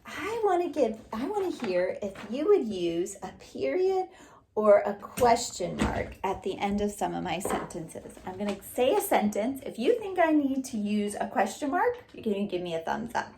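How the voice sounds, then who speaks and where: A woman's voice: mid-range voice, a little mellow. A woman teaching young children a writing lesson, asking questions and praising their answers. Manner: encouraging, asks questions and praises; reads slowly and clearly aloud. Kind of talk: early-grade writing lesson.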